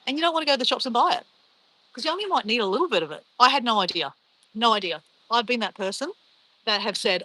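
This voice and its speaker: A woman's voice: fairly high pitch, expressive, quick pace, bright, forceful tone, low-quality recording. An Australian woman chatting casually and bubbly on a travel live stream, reacting to her viewers.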